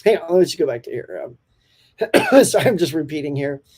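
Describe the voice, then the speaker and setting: Man, live-stream host, casual morning chat, upbeat, laughs a lot, mellow voice, answers viewer comments. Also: a little high, big pitch swings, normal speed. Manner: upbeat and chatty, laughs often.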